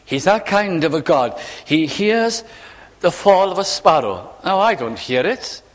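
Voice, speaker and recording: Male preacher, slightly high voice, earnest sermon delivery that acts out quotes, church hall reverb. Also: very animated. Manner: earnest, with dramatized quotes and drawn-out phrases.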